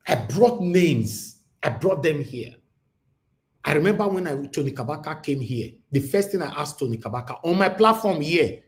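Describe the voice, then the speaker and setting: Animated Nigerian man hosting a livestream. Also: normal speed. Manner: animated, mixes Pidgin, grows loud and high when worked up. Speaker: livestream host. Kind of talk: livestream talk.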